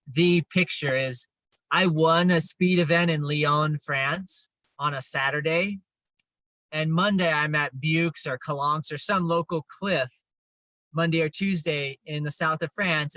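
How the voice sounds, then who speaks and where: A man's voice: on the high side, steady tone, moderate pace, pushed and bright, no room sound, low-quality recording. A man in his fifties chatting casually as an interview guest, telling stories in a chatty, self-deprecating way. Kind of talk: casual chat.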